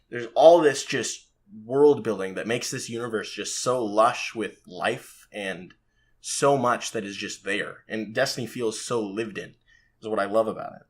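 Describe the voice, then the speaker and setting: A man co-hosting a podcast, talking at length and defending his view with enthusiasm in casual chat. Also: lowish voice. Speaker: podcast co-host.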